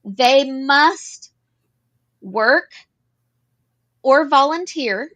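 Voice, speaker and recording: This podcast co-host has a high, slightly bright voice with lively intonation, and she speaks very slowly. In the advocacy discussion, she explains policy earnestly and repeats phrases as she works things through.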